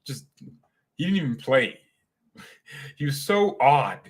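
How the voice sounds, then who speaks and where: A young man hosting a casual fan livestream, talking in an animated, slangy, excitable way. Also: mid-range voice, slow pace, pauses often. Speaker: fan channel host.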